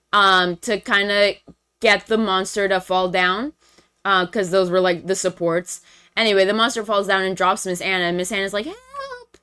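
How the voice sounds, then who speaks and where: A woman's voice: medium pitch, pushed and bright, smooth. A young woman streamer casually recapping a movie plot for friends, chatty and full of fillers and slang.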